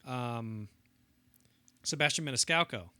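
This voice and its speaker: A man's voice: mid-range voice, a little slow, pushed and bright, no echo. A young man co-hosting a casual film podcast, rambling through anecdotes and acting out quotes in bursts. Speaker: podcast co-host.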